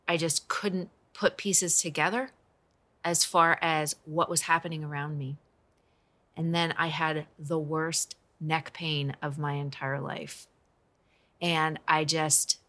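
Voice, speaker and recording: A woman in her forties speaks in an earnest, conversational way as she tells a personal story. Her voice sits low, but its tone is bright and forceful. She coaches business owners. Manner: earnest, emotional, conversational with restarts.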